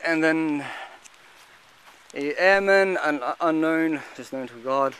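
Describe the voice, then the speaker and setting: A man giving casual, halting commentary as he walks through an outdoor cemetery, listing what he sees with many fillers. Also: on the high side, smooth. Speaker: vlogger touring a cemetery.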